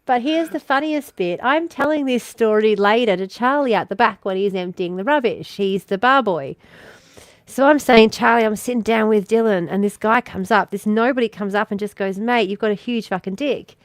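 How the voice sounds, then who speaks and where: Loud Australian woman telling wild stories. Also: fairly high pitch, normal speed, dry recording. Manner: loud, profane storytelling that builds to excited shouting. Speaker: podcast co-host. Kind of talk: casual chat.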